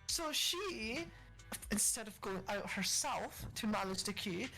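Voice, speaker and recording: A woman co-hosting a podcast, telling customer service stories in a casual, animated way, acting out angry customers and swearing freely. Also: medium pitch, measured pace, faint music behind, poor audio. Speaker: podcast co-host. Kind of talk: casual storytelling chat.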